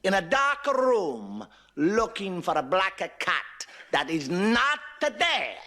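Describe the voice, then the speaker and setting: A man playing a stern elderly Pope who scolds slowly and emphatically, in a noisy archival TV recording. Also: huge pitch swings, pushed and bright, full character voice. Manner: slow, emphatic, raised pitch.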